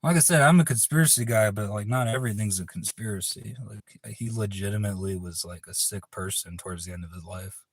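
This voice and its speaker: Man, casual livestream chat, somewhat low voice, dry close sound, rambling, swears a lot. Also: fairly quick, few pauses, breathy edge, no echo. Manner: laid-back, profane, rambling. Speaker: livestream host.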